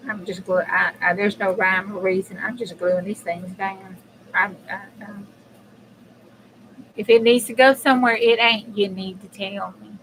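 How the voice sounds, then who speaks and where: A woman's voice: medium pitch, steady tone, measured pace, a bit bright, slight background noise, poor audio. A woman hosting a casual live crafting chat, chatty and blunt, swearing freely and talking straight to her viewers. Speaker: crafting channel host.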